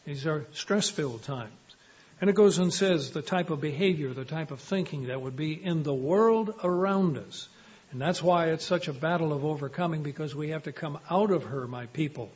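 A man preaching a sermon, measured and emphatic, often quoting scripture. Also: a little high, husky. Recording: dull lo-fi recording.

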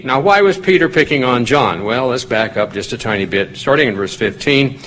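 A man's voice: animated, moderate pace, few pauses, fairly bright tone, low-quality recording. Man teaching a casual Bible study. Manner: conversational, rises in pitch when reading quoted lines. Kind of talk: informal Bible study talk.

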